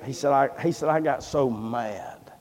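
A man's voice: medium pitch, a little slow, darkish tone. A man preaching a sermon, telling a long story and acting out the voices of the people in it. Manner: folksy storyteller, acts out quoted voices. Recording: long hall reverb.

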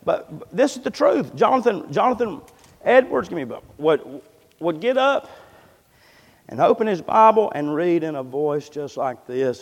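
A man preaching a sermon in a church, moving from hushed, low passages to loud, fervent ones. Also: big pitch swings, moderate pace, long reverb tail. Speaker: pastor. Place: church sanctuary.

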